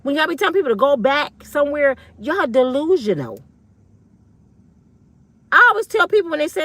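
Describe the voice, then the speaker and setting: A woman's voice: high voice, sing-song, normal speed, a bit bright, dry recording. A woman in her fifties, an online commentator, delivering a blunt, fiery, profane rant full of slang. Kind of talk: ranting monologue.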